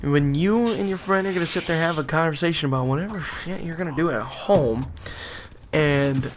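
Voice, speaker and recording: A man's voice: a little high, normal speed, a little hiss or hum. A young man casually telling a rambling, exasperated story on his vlog, often laughing as he goes. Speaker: gaming channel vlogger.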